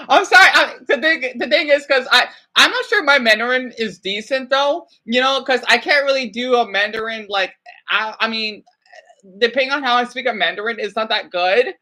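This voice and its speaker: A woman with a bright, clear, fairly high voice talks casually while reacting to clips. She is chatty and a little hesitant, often stopping to apologize or restart a sentence. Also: normal speed. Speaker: streamer reacting to videos.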